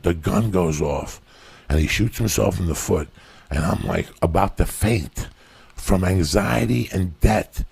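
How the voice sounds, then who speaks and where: A man in his fifties, a comedian telling stories as a podcast guest, with a raspy voice, heavy cursing and explosive rants. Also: sits low, measured pace, a little mellow. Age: 50s. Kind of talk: profane storytelling rant.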